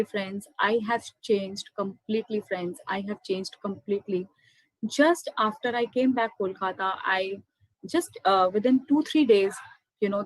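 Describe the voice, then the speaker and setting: Speaking in a mid-range voice, this woman tells her own spiritual testimony with real emotion, warmly and repeatedly addressing her audience as "friends." There's no echo, though the audio is poor.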